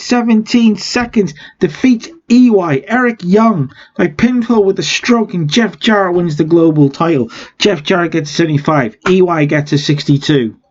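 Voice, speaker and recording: High-voiced man recapping a game. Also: muffled recording. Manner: chatty, wry asides. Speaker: game let's-player. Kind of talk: casual game commentary.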